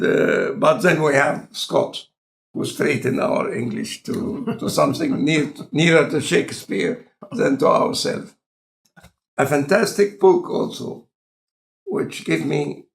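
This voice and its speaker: A man with an Egyptian accent and a non-native speaker of English, talking in a relaxed, conversational lecture style with deliberate, halting phrasing. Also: medium pitch, creaky. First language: Arabic. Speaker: scientist in conversation.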